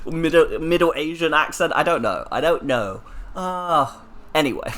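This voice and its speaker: A woman hosting her own game playthrough, chatting loosely between scenes. She rambles, laughs a lot and fills gaps with "like" and "you know", with soft music behind. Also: low-pitched, moderate pace. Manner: rambling, laughing, lots of fillers. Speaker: let's-play voice actor. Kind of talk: casual chat.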